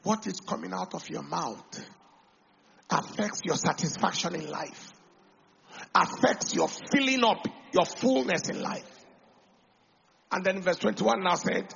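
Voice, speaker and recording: A Nigerian man preaching a sermon as pastor, who swings from loud, fervent preaching to quiet, confiding talk and slips into Pidgin. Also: high voice, unhurried, vocal fry, long pauses, highs cut off.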